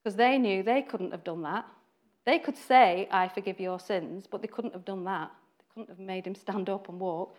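A woman's voice: mid-range voice, normal speed, darkish tone. A woman giving an informal, chatty sermon, acting out quoted voices and laughing now and then. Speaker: preacher.

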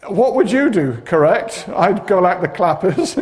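A man's voice: sits high, moderate pace, few pauses. A man preaching a sermon, telling stories with dramatic flair and humorous asides. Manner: animated storytelling with humorous asides.

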